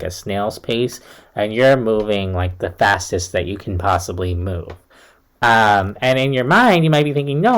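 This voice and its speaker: A young man giving a casual, reassuring tarot reading to camera, talking in a loose, chatty way full of fillers. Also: medium pitch. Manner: chatty, reassuring, uses many fillers like "like" and "kind of". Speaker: tarot reader.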